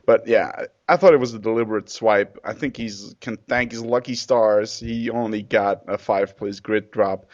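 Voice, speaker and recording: A man co-hosting a casual motorsport podcast, talking in a jokey way that is lively and full of fillers. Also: on the low side, normal speed, hardly any pauses. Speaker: podcast co-host. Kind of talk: casual chat. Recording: muffled lo-fi.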